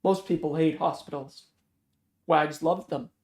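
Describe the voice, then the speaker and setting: Male reader, novel read-aloud, measured, slightly high voice, mellow, echoey. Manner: steady, measured narration. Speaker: audiobook reader. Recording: roomy echo.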